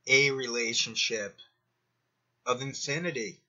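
A man's voice: medium pitch, a little slow, bright, forceful tone, dull audio. A man hosting a commentary channel, digressing as he talks himself through his points in a rambling monologue.

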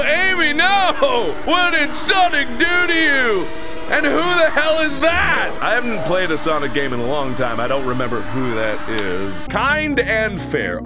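A man giving jokey, excitable commentary while playing a horror game, often yelping. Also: extremely high pitch. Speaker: gaming commentator. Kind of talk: let's play commentary. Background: game music.

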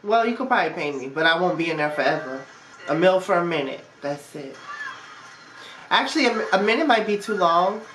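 A woman reacting to a movie in casual commentary, expressive and exclamatory, laughing often. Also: lowish voice, brisk. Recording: roomy echo with faint music.

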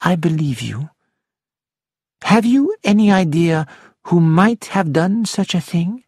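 A man voicing a shrewd older detective who presses a witness in a deliberate, persuasive way. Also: high voice, big pitch swings, a little mellow, breathy edge, no room sound, studio quality, full character voice. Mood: insistent.

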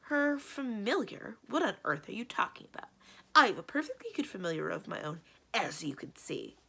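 A woman reading aloud and voicing a furious female enchantress with shrill, screeching outbursts. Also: big pitch swings, a little fast, gravelly, sharp tone, husky, heavily acted. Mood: scornful.

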